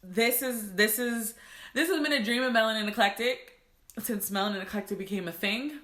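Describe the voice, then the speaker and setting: Bright-voiced woman vlogging in an echoey room. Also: fairly high pitch, normal speed, a little hiss or hum. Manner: emotional, laughing, fighting tears. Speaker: planner maker and content creator. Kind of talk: casual vlog talk to viewers.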